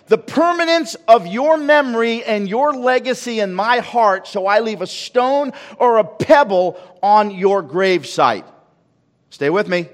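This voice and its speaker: A man preaching a sermon as pastor, swinging from loud calls to hushed asides. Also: sits high, animated, normal speed. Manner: preaching with sweeping rises and drops in volume. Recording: long reverb of a large hall.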